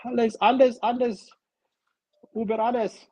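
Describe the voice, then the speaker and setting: A man's voice: very high-pitched, fairly even intonation, very slow, bright, forceful tone, pitched above the performer's own voice, heavily acted. A man putting on a comic German tank soldier who barks orders in mock German during toy play on a live stream. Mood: barking.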